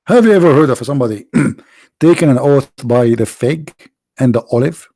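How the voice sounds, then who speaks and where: A man with a gravelly, creaky voice delivers a mocking commentary monologue, firing off sarcastic rhetorical questions. His voice sounds tired, and the recording is dry and close with no room sound. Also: medium pitch, normal speed, mellow, no echo. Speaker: video host and preacher.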